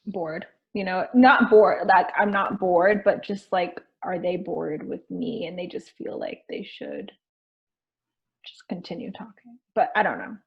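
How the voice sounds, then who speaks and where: A woman in her twenties co-hosting a podcast, agreeable and quick to laugh, often second-guessing herself. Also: lowish voice, big pitch swings, gravelly. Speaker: podcast co-host. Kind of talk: casual chat. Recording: slightly dull lo-fi audio.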